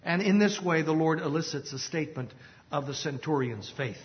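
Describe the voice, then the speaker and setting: A man preaching an expository Bible teaching, measured and explanatory, with occasional filler pauses. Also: fairly high pitch. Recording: long reverb, dull lo-fi sound.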